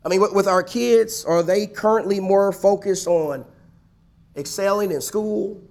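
Gravelly high-voiced preaching man. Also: measured pace, a little mellow. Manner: emphatic preaching with rhetorical questions and repetition. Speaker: pastor. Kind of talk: sermon. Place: church.

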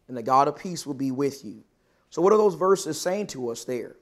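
A man preaching a Bible class lesson, reading scripture and asking questions, slowing down to stress key words. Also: a little high, expressive, creaky.

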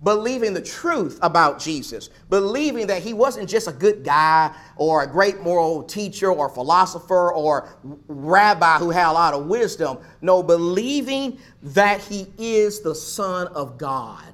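A man's voice: high voice, expressive, measured pace, fairly bright tone. A man preaching a sermon, building emphasis through repeated phrases. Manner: emphatic, repetitive preaching cadence.

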